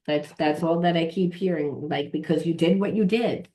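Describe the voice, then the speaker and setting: A woman's voice: low voice, moderate pace, warm tone. A woman giving a casual tarot reading, rambling, repeating herself and swearing offhandedly. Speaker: tarot reader and trauma coach.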